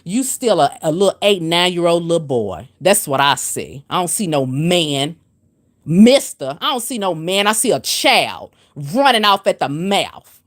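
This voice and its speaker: A woman's voice: fairly low pitch, big pitch swings, measured pace. Preachy woman scolding on a livestream. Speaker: spiritual livestream host. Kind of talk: livestream rant answering comments.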